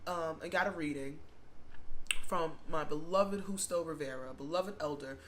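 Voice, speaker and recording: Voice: mid-range voice, moderate pace, fairly bright tone, slight background noise. A vlogger telling a personal family story in a casual, rambling, heartfelt way, with many fillers and repeated words. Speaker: spiritual shop owner and vlogger.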